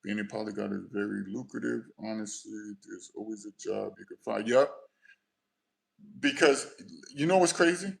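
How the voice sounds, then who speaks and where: A man from the United States hosting a casual livestream, telling travel stories in a lively way that swings between quiet, low asides and loud bursts. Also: moderate pace, gravelly, low-quality recording. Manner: animated storytelling, shifts often from low mumbles to loud bursts. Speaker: livestream host.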